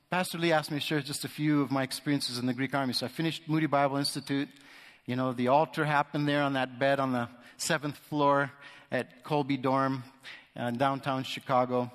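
A man sharing a personal testimony as a guest speaker in church, telling the story vividly and acting out the voices of the people in it. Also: mid-range voice. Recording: echoey hall reverb.

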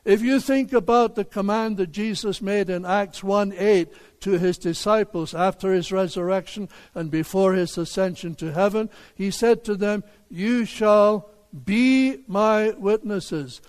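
An older man, a pastor, preaching a sermon in a deliberate, emphatic way, with rhetorical questions for the congregation. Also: sits high, fairly even intonation, darkish tone. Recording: long hall reverb.

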